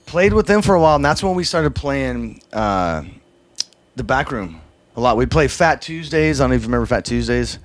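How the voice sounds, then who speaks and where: A man's voice: mid-range voice, animated, brisk, no echo. Laid-back man telling rambling stories. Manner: loose, profane, rambling storyteller who acts out quoted voices. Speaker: drummer, interview guest. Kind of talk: casual storytelling interview.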